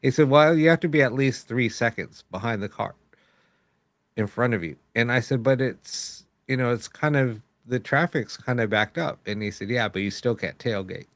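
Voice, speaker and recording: A man's voice: medium pitch, normal speed, a bit bright, no echo. A man hosting a live paranormal show, telling a long story in casual chat, rambling with many fillers and acting out quoted lines.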